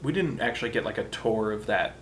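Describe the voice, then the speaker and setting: A man playing a tabletop game, speaking deliberately and laughing often. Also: on the low side, a little hiss or hum. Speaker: player. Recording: roomy echo.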